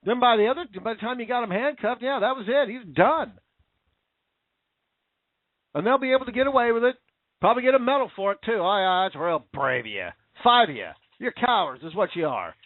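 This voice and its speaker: A very high-pitched, expressive man, a political commentator, goes on a heated, sarcastic rant laced with profanity. He talks fairly quickly but leaves long pauses. The recording has no echo and sounds tinny, like a phone.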